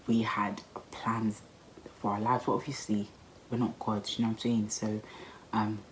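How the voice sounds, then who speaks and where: A young woman recounts a personal story for her vlog, chatty and expressive and full of casual slang. Her voice sits unusually low for a woman. A faint hiss runs underneath. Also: normal speed, low-quality recording. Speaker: vlogger.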